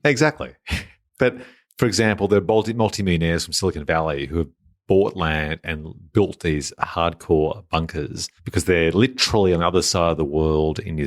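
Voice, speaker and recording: A man co-hosting a casual podcast, explaining his points in a measured, listing way. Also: rumbling low, dry recording, studio quality. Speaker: podcast co-host. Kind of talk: casual conversational podcast chat.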